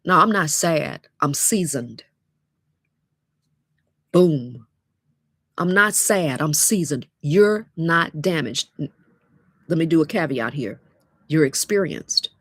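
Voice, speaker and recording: A woman's voice: low voice, animated, a little slow, fairly bright tone, slightly rough, no echo, clean studio sound. A woman, giving a motivational talk as a dating coach, emphatic and repetitive with call-and-response phrases.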